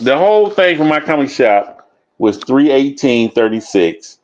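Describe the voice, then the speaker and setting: A man in casual chat, blunt and profane, repeating lines for emphasis. His voice sits at an ordinary pitch. The recording sounds dull and lo-fi. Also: very animated, unhurried, a little mellow. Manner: blunt, profane, repeats himself while telling stories.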